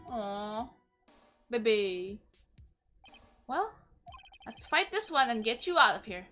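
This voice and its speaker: A woman streamer reading game dialogue aloud, expressive and animated, with casual asides. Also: a little high, takes it slowly, faint music behind.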